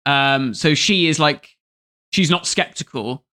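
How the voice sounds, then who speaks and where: A man's voice: fairly high pitch, slow pace, bright, forceful tone. A man co-hosting a podcast, chatting casually and animatedly, often laughing and quoting scenes. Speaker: podcast co-host. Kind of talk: casual chat review.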